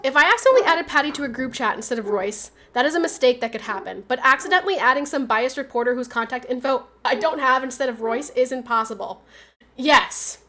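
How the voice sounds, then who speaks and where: High-voiced woman streamer, arguing emphatically. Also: animated, fast, pushed and bright, a little hiss or hum. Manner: emphatic, argues back at chat. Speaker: livestreamer. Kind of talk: casual stream chat. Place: at home.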